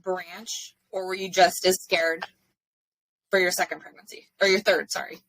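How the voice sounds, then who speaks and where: A woman hosting a podcast, asking gentle, supportive questions in a casual interview. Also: fairly low pitch, little pitch movement, moderate pace, no echo, poor audio. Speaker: podcast host.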